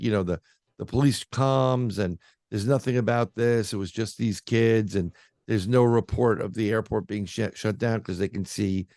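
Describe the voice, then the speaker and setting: A man's voice: on the low side, creaky, a little mellow, no echo, clean studio sound. A man being interviewed as a paranormal researcher, telling a story in a casual, rambling way with lots of fillers and restarts.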